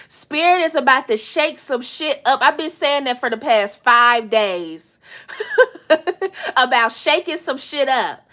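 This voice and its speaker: A woman's voice: high-pitched, sharp tone. A woman giving a live tarot reading to her viewers, casual and slangy, swearing often and breaking into laughter. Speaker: tarot reader.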